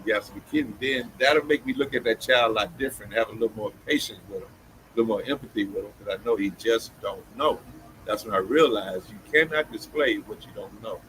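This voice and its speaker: A man's voice: lowish voice, brisk, a bit bright, a little hiss or hum, low-quality recording. A man who works as a counselor chatting casually, emphatic and often checking that he is understood. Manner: emphatic, keeps asking you know what I'm saying. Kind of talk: casual chat.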